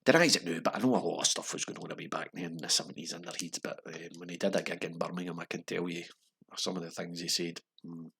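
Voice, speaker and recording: Gravelly low-voiced Scottish quiz host. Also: male voice, fairly even intonation, quick pace, sharp tone, a little hiss or hum. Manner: rambling, sweary, wry asides. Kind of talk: casual quiz hosting.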